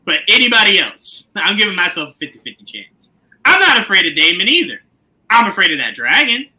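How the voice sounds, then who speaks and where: A man hosts a laid-back recap chat, joking and breaking into quick comic impressions. His voice sits high and rings very bright. His pitch swings widely from line to line. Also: wildly swooping pitch, rough recording. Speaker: podcast host.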